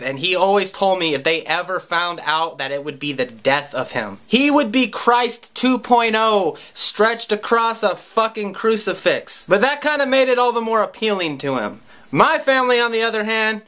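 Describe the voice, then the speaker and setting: A man's voice: high-pitched, pushed and bright. A man around thirty, a musician, telling a comic personal story in a wry, profane, self-mocking way. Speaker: musician and vlogger.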